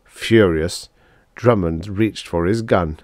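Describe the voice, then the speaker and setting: A man narrating a vintage science fiction audiobook in an expressive storytelling read. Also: low voice, takes it slowly, no room sound, studio quality. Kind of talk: scripted narration.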